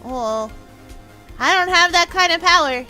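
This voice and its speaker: A woman's voice: very high voice, expressive, unhurried, bright, forceful tone, soft background music. A woman streamer chatting casually and giggling while playing a game aloud. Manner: bubbly, giggly. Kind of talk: casual gaming livestream reading aloud.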